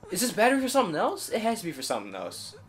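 A young man hosting a gaming channel, giving excitable running commentary to his viewers as he plays, often bursting into high-pitched yelling. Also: very fast. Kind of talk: live game commentary.

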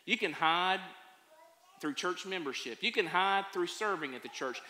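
A man who preaches a sermon as a pastor, telling stories with folksy humor and animated delivery. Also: high voice, moderate pace. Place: church sanctuary. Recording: echoey church sanctuary.

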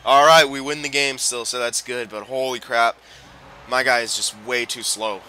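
A young man giving live commentary while playing a hockey video game, griping and swearing at his slow player. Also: mid-range voice, fairly even intonation, bright, forceful tone, slight background noise. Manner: frustrated, swearing, talking to the game. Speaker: gaming YouTuber.

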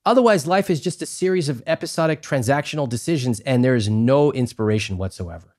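A man in a podcast interview, talking emphatically and acting out little exchanges, his voice climbing high when he stresses a point. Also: expressive, fast, a little mellow. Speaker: guest, personal finance author.

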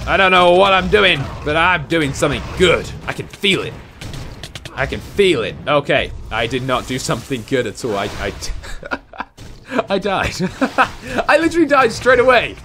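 Young english guy yelling through his gameplay, high voice, jokey and hyped. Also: slight background noise. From England. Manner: excitable, jokey, often shouting and laughing. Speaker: gaming YouTuber. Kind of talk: live gameplay commentary.

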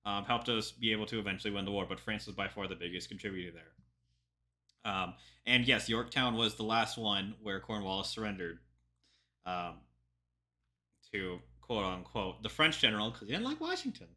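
Young man, historian reacting, very bright voice, chatty, jokey, lots of ums. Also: on the low side, fairly even intonation, moderate pace. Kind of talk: casual reaction commentary.

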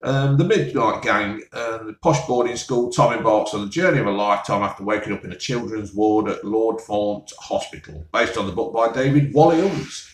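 Sarcastic man, mid-pitched, a grumbler with a sigh, recorded off-mic in an echoey room. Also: moderate pace, hardly any pauses. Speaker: vlogger reviewing TV listings. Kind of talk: casual solo rant. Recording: roomy, mic at a distance.

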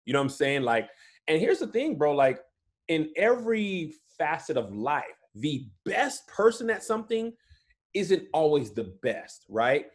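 A man in his thirties, a comedian guest, in casual podcast chat, telling stories in a lively way. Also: on the high side, a little slow. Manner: animated storytelling, often says "you know what I'm saying".

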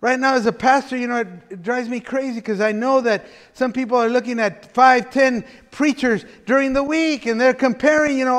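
A man's voice: very high voice, steady tone, brisk, hardly any pauses, fairly bright tone. A man preaching a conversational sermon as pastor, chatty and folksy, with frequent laughter and restarts. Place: church sanctuary. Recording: reverberant church hall.

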